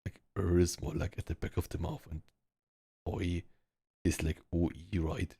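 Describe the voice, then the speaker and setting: Deep gravelly man with German accent. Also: level tone, unhurried, warm tone, no echo. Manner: rambling, lots of "like" fillers, practicing word sounds aloud. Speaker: VR social game player. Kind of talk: casual chat. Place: online virtual world, speaking from home.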